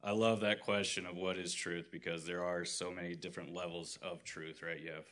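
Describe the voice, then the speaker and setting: Deep, bright-toned man in earnest talk. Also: flat delivery, a little fast. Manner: earnest, retells scripture with acted quotes. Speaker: group discussion member. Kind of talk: casual faith discussion.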